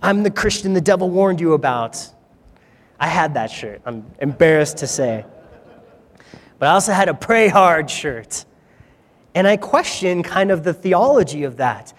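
A man with a high voice preaches to his congregation, retelling a story in an easy, conversational way with self-deprecating asides. His voice rings out into a reverberant hall. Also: sing-song, unhurried. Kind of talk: sermon.

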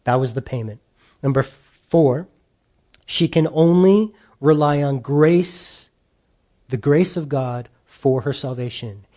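A man's voice: medium pitch, slow, warm tone. A man preaching a sermon as a pastor, telling stories and giving emphatic points. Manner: storytelling with quoted voices, emphatic.

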